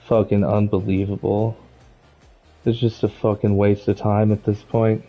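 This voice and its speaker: A man's voice: lowish voice, flat delivery, unhurried, lo-fi sound, faint music behind. A man streaming a football video game, ranting with constant swearing about the plays. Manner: angry, profane ranting, rising to shouts at plays. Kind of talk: live gameplay commentary.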